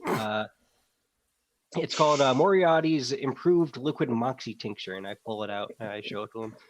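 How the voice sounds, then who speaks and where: Man role-playing a fast-talking huckster. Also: medium pitch, a little hiss or hum. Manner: fast-talking salesman patter with many fillers. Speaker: player. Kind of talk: in-character tabletop role-play.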